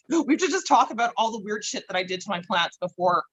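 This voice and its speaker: A woman's voice: medium pitch, expressive, a little fast, fairly bright tone, slightly rough, poor audio. A woman chatting casually as a podcast guest, laughing often and swearing freely. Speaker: guest grower.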